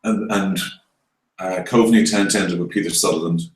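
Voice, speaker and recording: A man's voice: sits low, fairly even intonation, normal speed. An Irish man in a casual roundtable chat, talking in a wry, rambling and hesitant way. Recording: echoey room.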